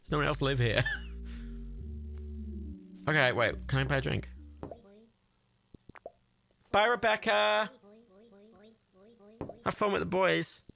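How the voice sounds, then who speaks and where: A man giving sweary, excitable running commentary while livestreaming a game. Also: a little high, measured pace, vocal fry, pauses often. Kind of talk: gameplay commentary.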